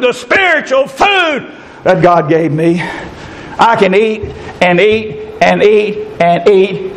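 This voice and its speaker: A middle-aged man, preaching a folksy, fervent sermon and calling out to listeners by name. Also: high voice.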